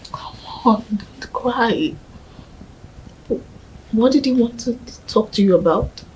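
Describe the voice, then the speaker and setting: Nigerian girlfriend comforting her man, soft, whispery, coaxing. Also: on the high side, expressive, slow, a little hiss or hum, rough recording. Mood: tender. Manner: gentle, coaxing, often whispering. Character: young woman comforting her grieving partner.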